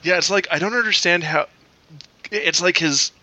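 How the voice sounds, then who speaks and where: Guy doing crude banter on a comedy podcast, bright tone, dry mic. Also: high voice, normal speed, no room sound. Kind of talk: casual comedic chat.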